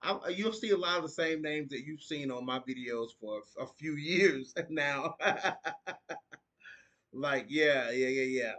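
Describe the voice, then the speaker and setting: A man's voice: a little high, measured pace, fairly bright tone. A man from the United States hosting a podcast live stream, chatting casually and reading viewer comments aloud. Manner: laid-back, reads viewer comments aloud and riffs on them. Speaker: podcast host.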